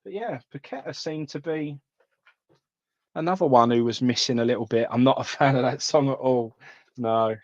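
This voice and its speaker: A man's voice: medium pitch, moderate pace, no room sound, muffled recording. A man hosting a live trading card stream, chatting casually and calling viewers mate.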